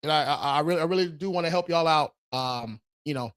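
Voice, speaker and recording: A man hosting a casual live-stream Q&A on credit, talking loose and slangy with frequent swearing and laughter, and hyping viewers up with quick rallying calls. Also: on the high side, fairly bright tone, clean tone. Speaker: credit repair host.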